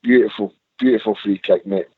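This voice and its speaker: A man's voice: fairly low pitch, brisk, breathy edge. A man with a Scottish accent calling in to a radio phone-in from a parked car, gushing about the match with lots of superlatives. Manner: enthusiastic, repeats superlatives. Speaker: caller. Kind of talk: casual phone-in chat. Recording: muffled phone line.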